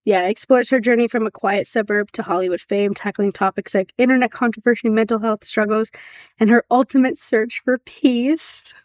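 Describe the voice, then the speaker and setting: A woman's voice: on the high side, steady tone, normal speed, no echo, studio quality. A woman co-hosting a podcast in casual chat, upbeat and enthusiastic. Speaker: podcast co-host.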